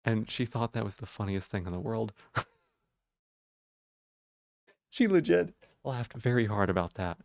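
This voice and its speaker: A man's voice: fairly low pitch, big pitch swings, a little slow, vocal fry, long pauses, dry recording. A man livestreaming, casually reading out viewers' messages and answering them in a rambling way.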